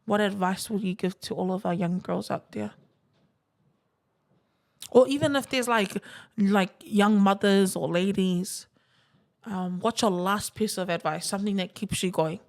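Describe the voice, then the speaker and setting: A woman's voice: mid-range voice, a little slow, vocal fry, a little mellow. A woman hosting a casual podcast, chatty and giggly, with slangy asides. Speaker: podcast host.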